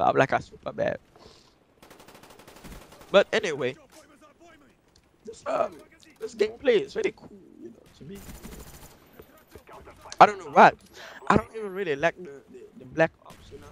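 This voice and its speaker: Male gameplay commentator, high voice; profane, broken-grammar rambler, endless "you know". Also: a bit bright, low-quality recording. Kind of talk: rambling comic storytelling over gameplay.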